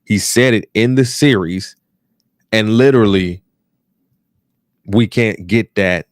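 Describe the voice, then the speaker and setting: Slow and fairly low-pitched, this man from the United States hosts a podcast in an African American English accent. He rants casually, swears freely, and repeats phrases to drive points home, recorded at studio quality with no room sound.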